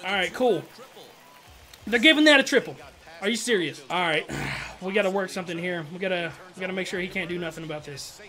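A man giving casual, slangy commentary over his own gameplay, excitable and trash-talking, with loud outbursts. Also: high voice, brisk, long pauses. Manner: slangy, keeps saying bro and dog. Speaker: gaming YouTuber.

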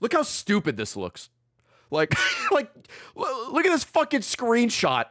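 A man streaming a game and giving excitable play-by-play commentary, swearing and laughing often. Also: very high voice, a little slow. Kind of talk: live-stream gameplay commentary.

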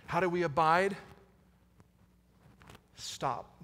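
The preacher here has a high, fairly bright voice and keeps a moderate pace through his earnest sermon. Key lines are repeated for emphasis, and the sanctuary's long reverb fills the recording.

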